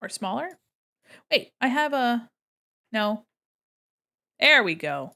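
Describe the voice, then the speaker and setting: A woman's voice: on the high side, sing-song, takes it slowly, creaky, pushed and bright. A woman art streamer chatting casually with her viewers while she draws, thinking aloud as she goes, in a room at home beside a window. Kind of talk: casual chat while drawing.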